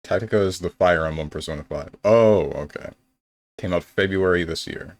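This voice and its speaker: A man's voice: sits low, moderate pace. A young man streaming games, chatting casually and thinking aloud in a rambling, playful way. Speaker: game streamer. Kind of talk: casual live-stream chat.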